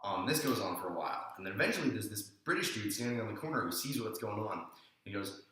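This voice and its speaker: A man telling a personal story in a casual, animated, conversational way. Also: fairly low pitch, fast. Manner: animated and conversational, with many fillers. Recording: very echoey room.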